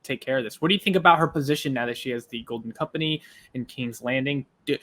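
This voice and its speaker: A man's voice: medium pitch, quick pace, fairly bright tone. Man asking long rambling questions. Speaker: co-host of a reaction show. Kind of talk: casual discussion.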